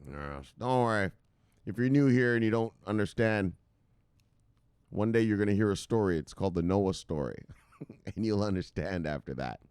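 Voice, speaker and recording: An excitable man hosting a casual crypto livestream, reading out viewer comments with profanity and shouted catchphrases. His voice swings widely in pitch. The sound is dry and close. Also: moderate pace, pauses often, clean tone, no room sound. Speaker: crypto channel host.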